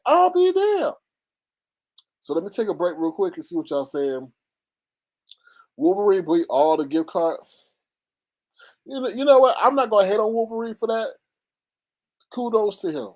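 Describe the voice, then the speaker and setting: Animated gossiping livestream man. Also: sits high. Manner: animated, dramatic, laughs a lot. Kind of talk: casual gossip commentary reading chat.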